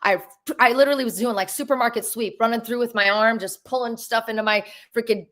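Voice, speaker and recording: A woman's voice: fairly high pitch, fairly even intonation, fast talker, a bit bright. Bubbly chatty woman streaming live. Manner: bubbly, chatty, many restarts and fillers. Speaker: real estate agent and host. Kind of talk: live stream Q&A, casual chat.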